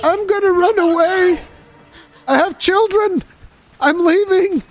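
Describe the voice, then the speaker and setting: A man voicing a scared, gentle male monster lord that begs to be spared, in a whiny, high-pitched plea. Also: slow. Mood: panicked. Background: game music.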